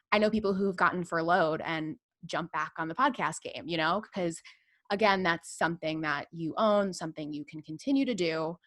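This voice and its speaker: A woman's voice: on the low side, fairly bright tone, no room sound. A woman who works in radio, guesting on a podcast and chatting casually with many fillers. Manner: chatty, filler-heavy, lots of "like". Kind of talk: casual chat.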